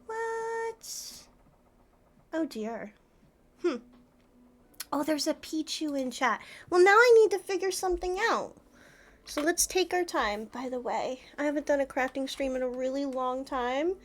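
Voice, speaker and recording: A woman's voice: high voice, animated, measured pace, a little hiss or hum. A woman streamer chatting casually with her live audience, flustered and giggling often. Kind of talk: casual livestream chat.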